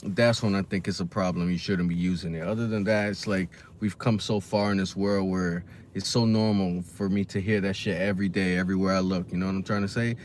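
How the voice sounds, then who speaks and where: Man, lowish voice, relaxed slangy commentary, rambling, faint background hiss. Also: brisk, few pauses. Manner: laid-back, slangy, rambling with many fillers. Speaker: reaction video host. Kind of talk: casual commentary monologue.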